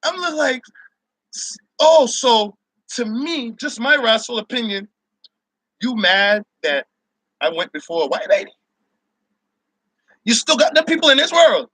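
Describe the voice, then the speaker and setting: A man hosting his own opinion show, ranting loudly with profanity and frequent laughter, and mocking people in shouted voices. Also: very high voice, sing-song, unhurried, pauses often, dry recording. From Barbados. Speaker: show host.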